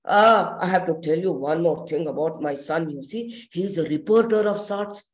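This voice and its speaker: A woman's voice: fairly low pitch, moderate pace, a little hiss or hum. A woman storyteller, telling a story in the first person as a shopkeeper, chatty and full of asides. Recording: roomy echo.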